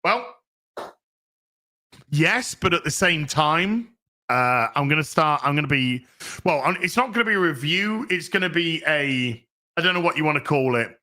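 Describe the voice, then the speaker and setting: A man's voice: on the high side, expressive, normal speed, sharp tone. A man hosting a casual livestream, reading out chat messages and rambling with many restarts and frequent swearing. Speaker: streamer host reading chat.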